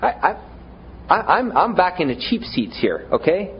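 A man's voice: sits high, sing-song, normal speed, lo-fi sound, a little hiss or hum. A man preaching a sermon in a conversational way, often stumbling over repeated words, with self-deprecating humor.

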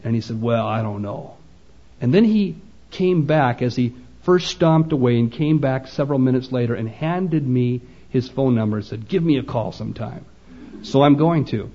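A man's voice: medium pitch, lively intonation, moderate pace. A man preaching a sermon, telling a story in quoted dialogue and pressing his points with emphasis. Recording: dull lo-fi recording.

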